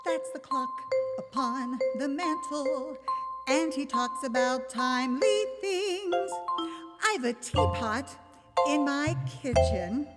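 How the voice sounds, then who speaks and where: A woman with an American accent playing a frazzled, fed-up fairy-tale princess, singing musical theatre numbers in a sardonic, exasperated way over loud music. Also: high-pitched, lively intonation, takes it slowly. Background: loud musical accompaniment.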